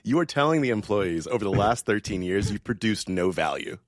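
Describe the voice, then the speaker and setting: Low-voiced man tossing in quick jokes. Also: expressive, dry recording, clean studio sound. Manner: quick, joking asides. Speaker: podcast co-host. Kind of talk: casual investing chat.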